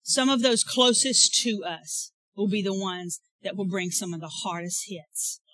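Bright-voiced woman preacher, dry sound. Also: medium pitch, a little slow, no echo, poor audio. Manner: swings from loud preaching to soft asides. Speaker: pastor. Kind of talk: sermon.

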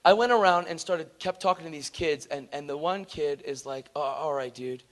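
A man preaching a sermon, telling a story in an animated, earnest, conversational way and acting out the people in it. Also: a little high, moderate pace.

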